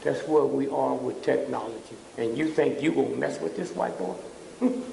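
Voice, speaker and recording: A man's voice: mid-range voice, normal speed, vocal fry, dark tone, a little hiss or hum. An older man giving a fiery public lecture, preachy and provoking, often tossing out "huh?" at the audience. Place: lecture hall. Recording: echoey hall from a distance.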